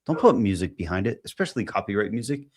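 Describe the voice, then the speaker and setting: A man with a fairly low voice hosts a podcast on his own. He reads online posts aloud and muses over them. He stops and restarts often, leaning on fillers as he thinks. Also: sing-song, breathy edge. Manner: rambling, halting, many fillers while thinking aloud. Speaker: podcast host.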